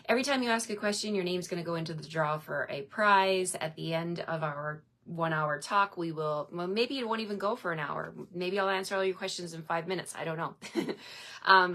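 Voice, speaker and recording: Upbeat middle-aged woman, slightly low voice, hosting a casual live craft stream from home. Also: brisk, a bit bright. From Newfoundland, Canada. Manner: chatty and upbeat, greeting viewers by name, frequent laughs.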